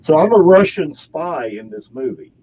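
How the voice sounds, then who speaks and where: A man's voice: fairly high pitch, very animated, moderate pace, warm tone, slight background noise, rough recording. A man, an actor, chatting casually in an interview and rambling with restarts and corrections. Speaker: actor guest.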